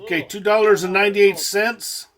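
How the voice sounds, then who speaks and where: While watching an old film with its soundtrack faintly audible, someone chats casually in a mid-range voice with fairly even intonation at a moderate pace. Hesitant and musing, they name the actors on screen and often trail off.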